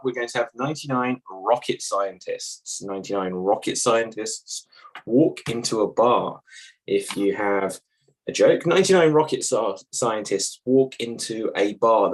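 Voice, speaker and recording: Host, man, runs a comedy joke round, laughs a lot, calls names. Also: mid-range voice. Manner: laughs often, calls on players by name. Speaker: improv game host. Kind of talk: hosting an improv joke game.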